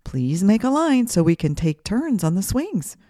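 A woman voicing a gentle, encouraging female snake teacher in a children's storybook. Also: mid-range voice, sing-song, measured pace, no echo, clean studio sound, voice pushed up. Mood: kind.

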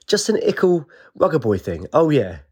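A man's voice: on the high side, sing-song, moderate pace, a little mellow, slightly rough, pitched above the performer's own voice. A man voicing a laid-back young male partygoer who talks in easygoing slang. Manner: casual slangy delivery.

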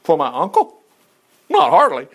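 A man's voice: a little high, wildly swooping pitch, moderate pace, creaky, fairly bright tone, voice pushed down, full character voice. A man voicing a brave young queen who pleads in an earnest, raised voice. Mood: defiant.

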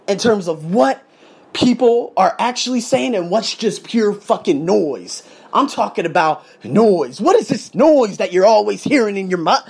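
A man's voice: high-pitched, sing-song, measured pace, breathy edge. A man telling his story in a casual vlog from his condo, emphatic and swearing as he goes. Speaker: vlogger, English teacher. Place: condo room, indoors.

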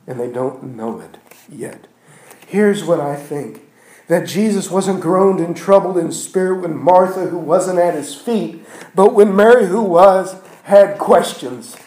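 A man preaching in a roomy, echoing church, his voice pitched a little high but dark and mellow in tone. He swings from loud, emphatic peaks down to near-hushed lines, piling up repeated phrases as he builds each point. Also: expressive, measured pace. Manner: repetitive, building phrases with restarts. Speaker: pastor. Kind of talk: sermon. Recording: echoey room.

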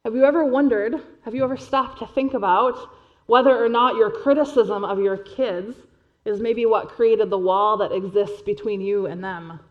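A woman pastor preaching a sermon in an earnest, measured way, dropping quietly for emphasis. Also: mid-range voice, muffled recording.

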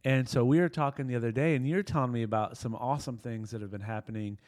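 A man's voice: medium pitch, steady tone, fast, a little mellow. A man hosting a podcast interview, encouraging his guest and affirming him often. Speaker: podcast host.

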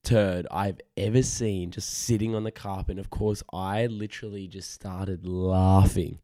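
A man's voice: fairly low pitch, fairly even intonation, moderate pace, dark tone, no echo, studio quality. A tired man hosting a casual solo podcast, rambling, frank and self-deprecating, swearing freely. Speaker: podcast host.

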